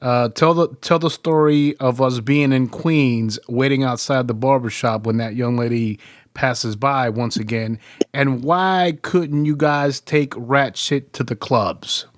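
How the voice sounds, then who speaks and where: A man's voice: mid-range voice, unhurried, no echo, clean studio sound. A man hosting a podcast, telling a rowdy story in casual, profane chat and laughing through it. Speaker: podcast host.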